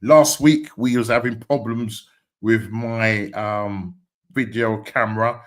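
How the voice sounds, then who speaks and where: A man's voice: on the low side, steady tone, slow. A man hosting a casual football podcast live stream, upbeat and chatty, repeating phrases and often laughing. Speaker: podcast host.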